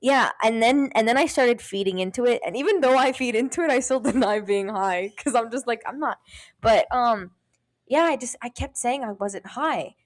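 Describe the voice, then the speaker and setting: A woman's voice: fairly high pitch, normal speed. A woman co-hosting a podcast, telling stories in casual chat, acting out what others said and swearing freely. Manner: animated storytelling, acting out other people's lines, frequent swearing. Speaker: podcast co-host.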